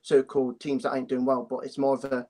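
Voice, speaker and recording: A man's voice: medium pitch, monotone, fast talker, crowd noise. Young guy calling in, nervous, keeps saying sorry and starting over. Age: young adult. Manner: hesitant, apologetic, restarts often. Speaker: caller. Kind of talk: phone-in chat.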